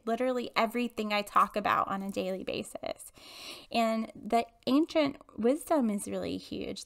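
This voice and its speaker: A woman's voice: mid-range voice, vocal fry, a bit bright. A woman hosting her own show, telling a personal story in a chatty, candid way with lots of fillers and laughs. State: emotional. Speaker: podcast host and intuitive medium. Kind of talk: casual storytelling monologue.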